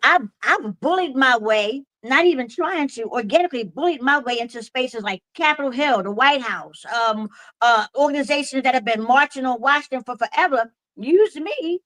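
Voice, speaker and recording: A woman comedian in her forties with a slight lisp, telling stories in a lively, comedic, preacher-like cadence over a video call. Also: high voice, normal speed, dry recording, poor audio. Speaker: comedian guest. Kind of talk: casual storytelling chat.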